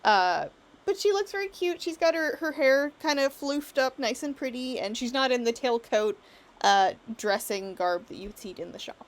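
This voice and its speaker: A woman's voice: sits high, lively intonation, normal speed. A woman narrating as game master on a live stream, chatty and giggly with lots of fillers.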